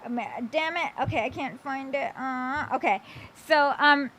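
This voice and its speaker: A woman's voice: high voice, measured pace, a bit bright, a little hiss or hum. A woman hosting a casual talk stream who reacts to clips, blunt and rambling with many fillers and the odd swear.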